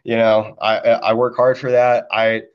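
A man in a relaxed podcast chat, recounting his Marine days in an easygoing, profane way. His voice sits at an ordinary male pitch. The audio is dull and lo-fi. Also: normal speed. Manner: laid-back, swears freely, says dude a lot. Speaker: podcast guest, Marine veteran. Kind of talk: casual storytelling chat.

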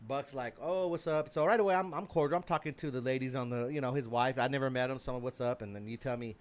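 A man co-hosting a podcast in casual banter, telling stories in a relaxed way, restarting his sentences and laughing often. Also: mid-range voice, fast. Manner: laid-back storyteller, restarts often, laughs a lot. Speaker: podcast co-host.

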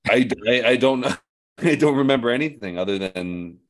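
A man chatting as a podcast guest, jokey and stammering in an animated way. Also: medium pitch, moderate pace. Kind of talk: casual chat.

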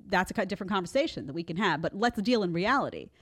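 A woman hosting a live commentary show, sarcastic and animated, often mimicking others in mocking voices. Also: on the low side, quick pace, husky. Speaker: host.

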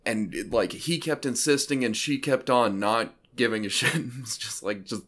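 A man's voice: mid-range voice, moderate pace, fairly bright tone. A man hosting a podcast, telling a long rambling family story in casual chat, full of "like" fillers. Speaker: podcast host.

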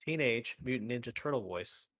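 A man co-hosting a live stream, trading jokes and poking fun at himself. His voice sits in a middle pitch, recorded close and dry with no room sound. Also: animated, moderate pace, a bit bright, no room sound. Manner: joking, self-deprecating banter. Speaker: podcast co-host. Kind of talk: casual chat.

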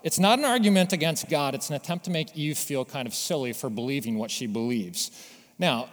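A man delivers a sermon in an easy, conversational teaching voice that keeps throwing rhetorical questions at the listeners. His pitch sits in an ordinary middle range for a man. The sound carries a long reverb tail, as if recorded in a large hall. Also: fairly quick. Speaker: pastor.

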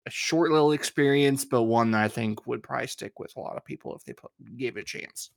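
A man on a podcast speaks in a middle pitch, hesitant and full of likes and ums. His voice is dry and close to the mic. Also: fast talker, creaky, no room sound. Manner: soft-spoken, hesitant, many likes and ums. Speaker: podcast co-host. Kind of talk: casual chat.

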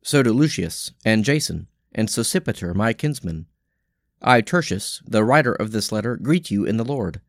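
A man reading daily scripture lessons and prayers in a measured, solemn way. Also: fairly low pitch, expressive, no echo, studio quality. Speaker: scripture reader.

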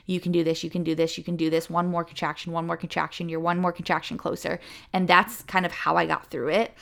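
A young woman with a low, gravelly voice tells her personal story in a casual, candid way. Her talk is chatty and full of "like," and it lifts whenever she gets excited. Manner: candid and chatty, with fillers like "like" and quick emotional lifts. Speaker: podcast or vlog host sharing a birth story.

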